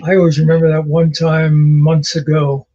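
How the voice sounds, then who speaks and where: A man's voice: a little high, monotone, normal speed, dark tone, lo-fi sound. A man co-hosting a casual chat, telling rambling stories with many fillers. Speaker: podcast co-host.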